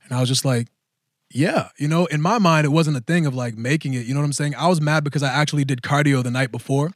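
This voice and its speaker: Animated man telling a wrestling story. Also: fast, no echo, clean studio sound. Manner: animated, jumps into high silly voices to act out crowds. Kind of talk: casual storytelling.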